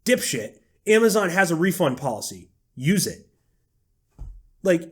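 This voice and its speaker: A man's voice: fairly high pitch, big pitch swings, measured pace, long pauses, husky. A young man co-hosting a casual podcast, ranting sarcastically and swearing freely. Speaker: podcast co-host. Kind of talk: casual chat.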